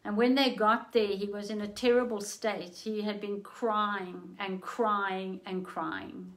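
Slow, earnest woman preacher. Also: medium pitch, level tone, poor audio. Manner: slow, earnest storytelling, rising fervent in exhortation. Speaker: preacher on a daily livestream. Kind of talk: storytelling sermon.

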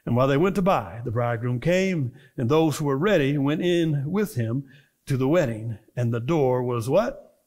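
A male minister with a medium-pitched voice and normal pace delivers a conversational sermon to a congregation at a church service. He quizzes listeners with call-and-response questions, building from relaxed storytelling to fervent preaching.

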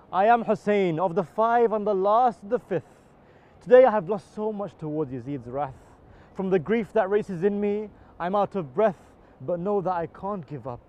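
A man's voice: sits high, highs cut off. A man giving an impassioned religious poem recitation at a live outdoor event, his voice swelling on the big lines. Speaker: poetry reciter.

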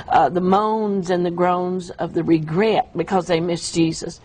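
A woman telling an emotional, halting account of a vision in an interview. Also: on the low side, vocal fry, a little mellow, slight background noise, rough recording. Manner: emotional, halting storytelling with restarts. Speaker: guest describing a vision. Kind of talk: earnest testimony in an interview.

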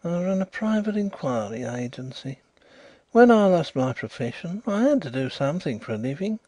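A man's voice: fairly high pitch, big pitch swings, moderate pace, warm tone, no room sound, voice pushed up. A man reading as an earnest, flustered private investigator. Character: excitable middle-aged male ex-solicitor detective.

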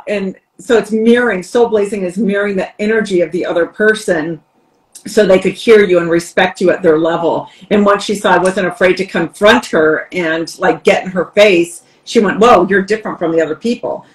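A woman's voice: medium pitch, moderate pace, poor audio. A woman, a podcast guest and coach, candidly telling stories in conversation and acting out the voices she quotes. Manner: lively, acts out quoted voices, laughs while telling.

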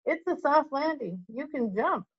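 A brave young wizard speaks calmly and steadily, as a woman reads him aloud. He is a storybook boy who keeps his head. The recording sounds dull and lo-fi. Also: high-pitched, measured pace, pitched above the performer's own voice. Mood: reassuring.

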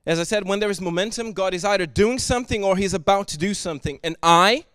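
Guy preaching, high voice, dry close sound, gets loud and emphatic. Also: fast talker, clean tone, dry recording. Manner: earnest, swings from soft to loud and emphatic. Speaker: pastor. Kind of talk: sermon. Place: church service.

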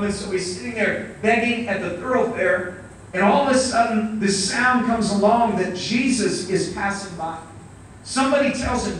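Male preacher, high voice, animated storytelling sermon, recorded from a distance in a very echoey hall. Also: slight background noise. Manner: animated, acts out quotes and shouts.

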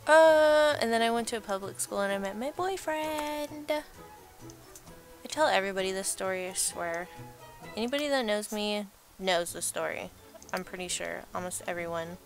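Young female gamer, casual rambling commentary, mid-pitched, game music low behind. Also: moderate pace. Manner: chatty, rambling, self-deprecating, laughs often. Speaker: let's play gamer.

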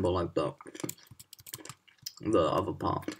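Very low-voiced woman grumbling through gameplay. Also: lively intonation, a little slow, long pauses, a little mellow, a little hiss or hum. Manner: frustrated, swearing and muttering under breath. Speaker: gamer playing a parkour map. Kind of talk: casual gameplay commentary. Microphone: laptop mic.

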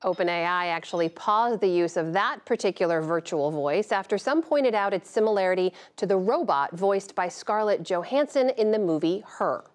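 A woman news anchor reading a scripted story and interviewing a guest with a measured, clear delivery. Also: mid-range voice, lively intonation.

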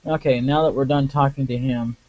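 A man's voice: mid-range voice, fairly even intonation, brisk, a little mellow. A man giving rambling, casual commentary over a game he plays, full of asides and restarts. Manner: rambling, many fillers and restarts. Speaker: let's play commentator. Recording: muffled lo-fi with faint hiss.

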